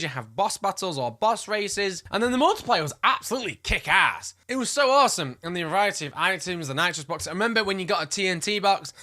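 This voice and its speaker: A man's voice: sits high, bright, forceful tone. A man chatting casually as a gaming vlogger, enthusiastic and gushing, with playful asides. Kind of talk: casual chat.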